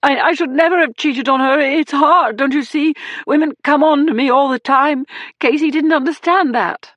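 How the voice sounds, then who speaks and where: A woman's voice: medium pitch, animated, moderate pace, dry recording, dull audio, lightly acted. A woman reading the part of a slick, defensive male murder suspect who sputters and pleads in a raised voice. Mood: pleading.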